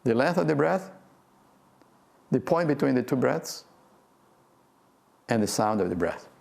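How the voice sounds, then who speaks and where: An older man, a physics professor, gives a gentle, playful guided talk on breath meditation and laughs often. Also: medium pitch, sing-song, unhurried, creaky. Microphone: video talk to a remote audience.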